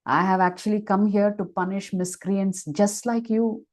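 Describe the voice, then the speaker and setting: A woman's voice: mid-range voice, steady tone, normal speed, a little mellow, lightly acted. A woman voicing a commanding young male god who scolds a demon in a scornful, challenging tone.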